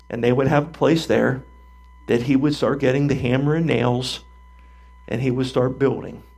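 An older man preaching a sermon, telling the story in an animated way and acting out the voices of the people in it. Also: medium pitch, creaky. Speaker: pastor.

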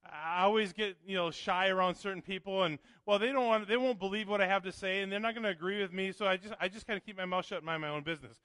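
Shy hesitant male churchgoer, put on by a preacher, rambling excuses, very high voice, dry sound. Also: fairly even intonation, fast talker, hardly any pauses, bright, forceful tone, no room sound. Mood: sheepish.

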